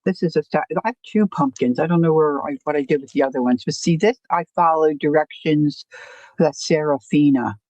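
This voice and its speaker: A woman's voice: low-pitched, brisk, a little mellow, no echo, highs cut off. A woman hosting a casual crafting livestream, rambling and self-deprecating, often stopping to restart her sentences. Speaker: crafting channel host.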